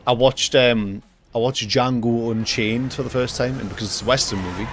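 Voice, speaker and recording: A young man streaming a racing game live, joking and talking to himself with excitable reactions. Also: mid-range voice, moderate pace, background noise. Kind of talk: live gaming commentary. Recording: loud game music behind voice. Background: racing game music and engine sounds.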